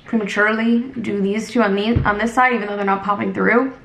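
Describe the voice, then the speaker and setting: A woman in her twenties chatting casually on a vlog, telling stories in a lively way and acting out what others said. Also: mid-range voice, fast talker, vocal fry. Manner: chatty, animated retelling with acted quotes. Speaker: vlogger. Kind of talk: casual storytelling chat. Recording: echoey room, faint noise.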